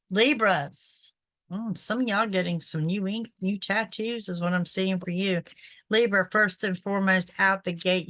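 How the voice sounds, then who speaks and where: Her throat scratchy from pollen, a woman who works as a psychic reader and show host gives a chatty, informal horoscope reading, checking in with "okay?" again and again. She speaks fairly low with a fairly bright tone, recorded with no room sound.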